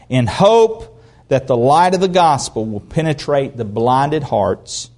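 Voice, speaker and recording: A man preaching a sermon in a folksy, animated storytelling manner. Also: medium pitch.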